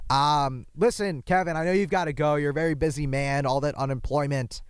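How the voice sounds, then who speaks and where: A young man hosting a podcast, his voice hoarse from yelling, rambling in a casual, self-deprecating monologue with jumpy asides. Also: on the high side, fairly even intonation, fairly quick, no echo, clean studio sound. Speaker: podcast host. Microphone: microphone.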